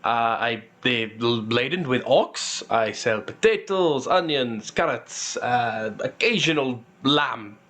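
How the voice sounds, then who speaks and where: A man's voice: animated, slow, few pauses, fairly bright tone. A man voicing a shy, nervous old male dwarf merchant who stammers and pleads politely. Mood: humble. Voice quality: higher, raised voice, humble pleading manner. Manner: stammering, repeats words, nervous laughs.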